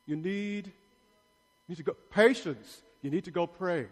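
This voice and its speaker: A priest giving a sermon in a large church, playfully asking the congregation questions and bantering with them. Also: male voice, sits high, measured pace. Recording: long church reverb.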